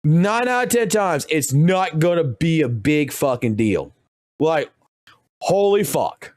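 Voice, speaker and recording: A young man streaming, ranting crudely with constant cursing and animated outbursts. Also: a little high, slow pace, dry recording, studio quality. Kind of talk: profane ranting commentary.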